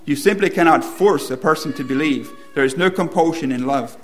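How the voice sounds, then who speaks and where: Man, preacher, slightly high voice, sermon to a congregation, repeats key lines with emphasis. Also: brisk, faint music behind. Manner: asks the congregation questions, builds to emphatic repetition. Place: church room with congregation.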